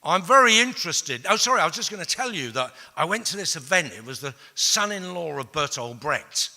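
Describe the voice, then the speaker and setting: A man's voice: a little high, sing-song, fairly quick, creaky. Older man telling stories in a hall. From England. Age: 60s. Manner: swings from loud outbursts to hushed asides; blunt and profane. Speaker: speaker. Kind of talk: storytelling talk to an audience. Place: large hall with an audience. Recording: long reverb of a large hall.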